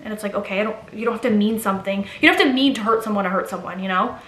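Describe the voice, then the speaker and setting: A woman's voice: medium pitch, racing, fairly bright tone. Chatty young woman vlogger, echoey room. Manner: chatty, rambling with many fillers and restarts. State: pregnant. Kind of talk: casual get-ready-with-me vlog.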